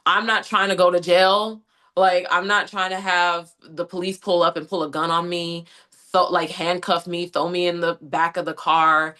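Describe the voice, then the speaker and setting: A young adult woman from the United States, an interview guest who tells her story in an animated way and keeps quoting her own thoughts. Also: lowish voice, moderate pace. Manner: animated storytelling, frequent "like" and quoted inner thoughts. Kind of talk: conversational interview recounting an incident.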